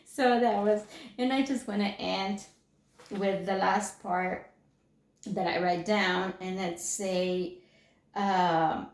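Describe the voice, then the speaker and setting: A woman's voice: mid-range voice, fairly even intonation, takes it slowly. A middle-aged woman tells a personal story to a class, rambling with many fillers and restarts. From Mexico. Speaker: class speaker. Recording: echoey room.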